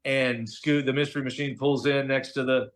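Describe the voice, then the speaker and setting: A middle-aged man tells stories as a guest in a relaxed interview, at a pitch that is neither high nor low. He talks in an animated, chatty way and drops casual slang as he goes. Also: moderate pace. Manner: animated, chatty storyteller, slangy with "dude" and "okay?". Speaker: voice actor guest.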